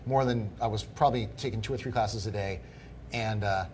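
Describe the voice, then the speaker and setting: Guy in his 50s telling stories on a podcast, lively, does the voices of people he quotes, faint background hiss. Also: on the low side, brisk. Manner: animated storyteller acting out quoted people. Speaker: guest. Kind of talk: casual podcast conversation.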